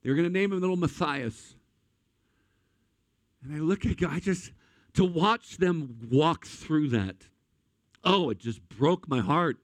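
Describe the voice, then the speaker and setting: A man's voice: on the high side, expressive, unhurried, long pauses, dry recording. Emotional man preaching a sermon. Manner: emotional storytelling, addresses audience as guys and friends. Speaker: pastor.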